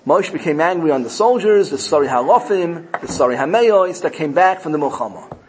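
A man with a somewhat high voice teaches a Torah class and mixes Hebrew terms into his English. He draws out each verse he quotes before he explains it. A faint hiss runs under the recording. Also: animated, brisk, low-quality recording.

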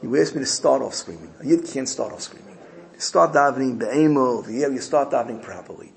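A man voicing a stern but kind elderly rebbe in a told story, speaking firmly and softly. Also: mid-range voice, animated, brisk, creaky. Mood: warm.

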